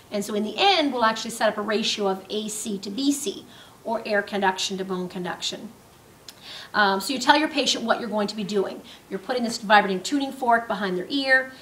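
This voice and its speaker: Female instructor, slightly high voice, step-by-step demo, recorded from a distance in a roomy space with faint background hum. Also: fairly bright tone. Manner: explanatory, step-by-step, with frequent ums. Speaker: nursing instructor. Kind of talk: clinical skills demonstration.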